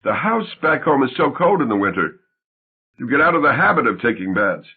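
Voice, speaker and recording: A man plays a shy, oddball grown man in an audiobook play, husky and deadpan, dryly mocking himself. His voice still moves up and down a good deal under the flat delivery. It all comes through thin and tinny, like a phone line. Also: medium pitch, fairly quick.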